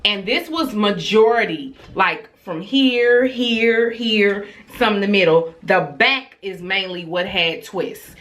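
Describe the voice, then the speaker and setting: A woman's voice: mid-range voice, slow, hardly any pauses, lo-fi sound. A woman in her thirties telling a family story in a casual, chatty vlog style, talking straight to her viewers. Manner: chatty and animated, addresses viewers as y'all; acts out quoted dialogue, dropping to a whisper for her child.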